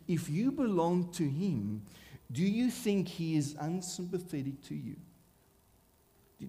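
Slow, mellow-voiced male preacher. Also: fairly high pitch. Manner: earnest, emphatic preaching with repeated words and rhetorical questions. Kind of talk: sermon.

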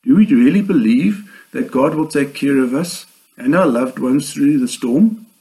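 Man, preacher, sermon, earnest, measured pace, emphatic pauses. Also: mid-range voice, animated, mellow, poor audio.

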